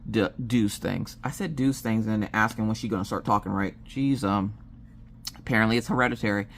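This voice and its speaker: Speaking fairly quickly in an extremely low voice, a woman in her thirties who vlogs family stories jokes her way through one, playing out what each family member said with lots of animation.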